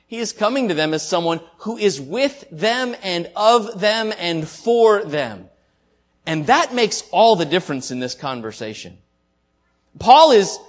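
Guy preaching, kinda high voice, earnest and heartfelt, goes loud then quiet. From Southern United States. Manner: earnest, heartfelt preaching with swells and drops in loudness. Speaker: pastor. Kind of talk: sermon.

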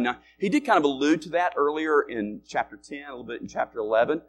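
A male pastor preaching a sermon in a conversational way, rising loud and dropping quiet to make his points. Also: on the high side, animated, fairly quick, hardly any pauses, slight background noise. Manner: conversational preaching with wide swings in loudness.

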